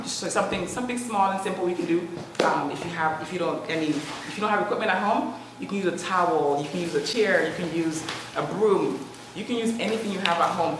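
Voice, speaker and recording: A woman's voice: on the low side, brisk. A woman fitness instructor leading a live exercise demo, counting down and urging her group on. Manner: energetic coaching, counting down and urging. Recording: echoey distant room recording with noise.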